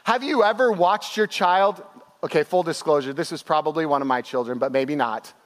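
A young man preaching a sermon to his church, telling stories with animated, acted-out quotes. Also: a little high, fairly quick. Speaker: pastor. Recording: long hall reverb.

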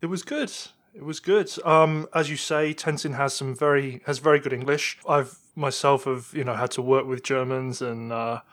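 A man co-hosting a podcast, speaking in a halting, thoughtful way that trails off. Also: medium pitch, fairly even intonation, a bit bright. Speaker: podcast co-host. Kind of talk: casual podcast chat. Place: Bath, England.

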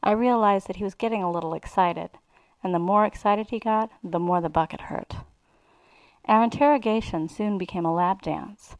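A woman reads a first-person erotic story aloud, sly and relishing. Her voice has a gravelly fry and sits in a middle pitch. The recording is close and dry. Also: moderate pace, no room sound, low-quality recording. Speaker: reader.

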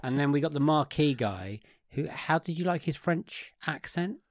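A man co-hosting a podcast, chatting casually about a film with wry, rambling, deadpan asides. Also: a little high, normal speed, background noise. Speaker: podcast co-host. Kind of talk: casual film review chat.

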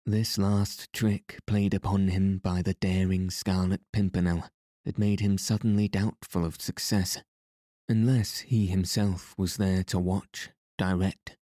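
Slow, deep-voiced male narrator. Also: warm tone, dry recording, studio quality. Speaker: audiobook narrator. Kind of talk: scripted narration.

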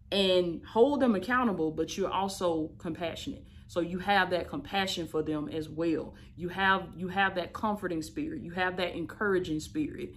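Woman, 30s, life coach, motivational teaching talk, emphatic, affectionate, preachy. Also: lowish voice. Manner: emphatic, repetitive, preachy, affectionate, calls listeners "baby" and "y'all".

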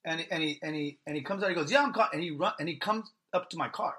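A man hosting a podcast, telling a story in casual, profane talk and acting out both sides of an argument. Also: a little high. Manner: fast, animated, acts out both sides of an argument. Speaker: podcast host.

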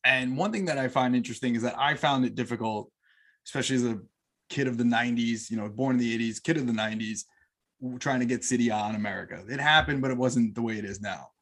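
A man in his thirties hosts a podcast in a casual interview, speaking quickly at medium pitch with a slightly bright tone. He's chatty and enthusiastic, building long questions for his guest.

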